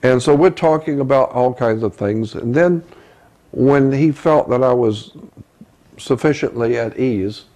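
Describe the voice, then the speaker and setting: An older man recounting a personal memory in a halting way, often repeating words as he searches for them. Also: mid-range voice, darkish tone. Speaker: researcher telling a personal story. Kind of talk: first-person storytelling.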